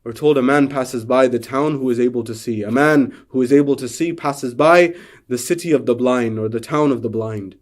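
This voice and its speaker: A man's voice: mid-range voice, normal speed. A male lecturer telling a parable during a religious talk, with dramatic delivery and repeated rhetorical questions.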